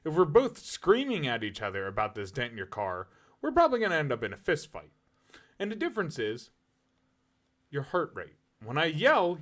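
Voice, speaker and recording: A man's voice: fairly high pitch, fairly bright tone. A man co-hosting a casual podcast chat, explaining his view step by step and pushing back in a debate. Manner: explains point by point, argumentative. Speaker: podcast co-host.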